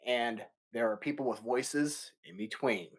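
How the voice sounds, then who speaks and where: A man teaching an elementary music lesson for children, explaining patiently and slowly with playful asides. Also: medium pitch. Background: guitar playing.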